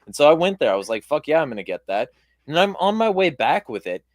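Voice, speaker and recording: A man with a hoarse voice, hosting a casual interview and telling a rambling, profane story with lots of fillers. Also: fairly high pitch, big pitch swings, quick pace, no echo, clean studio sound. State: hoarse voice from shouting. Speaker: podcast host.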